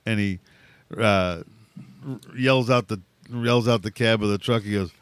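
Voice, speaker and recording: A middle-aged man telling a rowdy story in casual chat, animated, swearing freely and laughing often. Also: fairly low pitch, measured pace, clean tone, no echo, clean studio sound.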